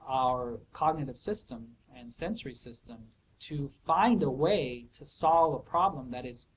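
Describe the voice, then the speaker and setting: Thoughtful professor, many hesitant restarts. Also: male voice, medium pitch, a little slow, slight background noise, poor audio. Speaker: professor answering student questions. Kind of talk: casual academic explanation. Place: office hour recording.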